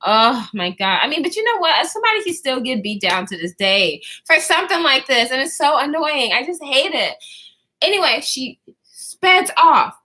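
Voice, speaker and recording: Animated high-voiced young woman vlogger. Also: normal speed. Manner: animated, laughing, swearing, acts out quoted voices. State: out of breath at times. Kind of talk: storytime vlog.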